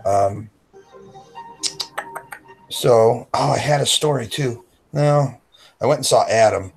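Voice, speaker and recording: Man, gravelly husky voice, rambling anecdote, acts out quotes, casual podcast chat. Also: medium pitch, slow pace, faint music behind. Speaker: podcast co-host.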